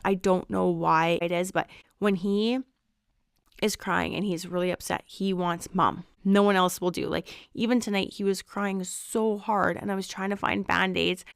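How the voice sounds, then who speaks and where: A woman in her thirties hosting a podcast, talking candidly in a relaxed, reflective monologue. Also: mid-range voice, vocal fry, clear, resonant tone, dry recording, clean studio sound. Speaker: podcast host. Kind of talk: casual personal reflection.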